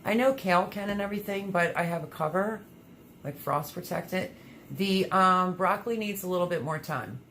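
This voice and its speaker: A low-pitched woman hosts a relaxed livestream, chatting with viewers and reading their comments out loud. She talks casually and drops in plenty of ums. Faint noise sits behind her voice. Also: normal speed. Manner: chatty, reads viewer comments aloud, many fillers. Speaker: livestream host reading chat.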